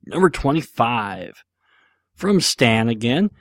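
A man's voice: mid-range voice, moderate pace, no echo. Rambling, jokey man hosting a podcast. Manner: rambling, jokey, lots of fillers. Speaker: podcast host. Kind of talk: casual podcast Q&A.

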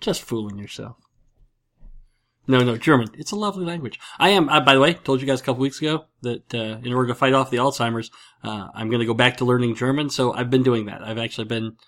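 A man's voice: medium pitch, fast talker, a bit bright. A middle-aged man from upstate New York chats on a podcast in a loose, jokey way. He rambles through his stories with plenty of restarts and asides. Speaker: podcast host. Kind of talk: casual podcast chat.

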